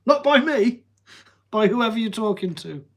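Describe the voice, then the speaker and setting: A man from the English Midlands hosts a casual livestream, his Telford twang softened by a few Welsh notes. He chats easily with viewers, joking and rambling a little as he answers their comments. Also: very high voice, slightly rough. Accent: Midlands English, Telford, with a slight Welsh tinge. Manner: chatty, easygoing, jokey, with frequent "um" and "yeah". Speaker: livestream host.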